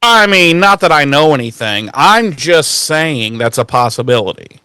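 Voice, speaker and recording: A man co-hosting a podcast, casually recapping a TV episode with crude jokes and quick character impressions. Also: on the high side, very animated, pushed and bright, smooth, no room sound. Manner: profane, jokey, acts out characters in quick voices. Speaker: podcast co-host.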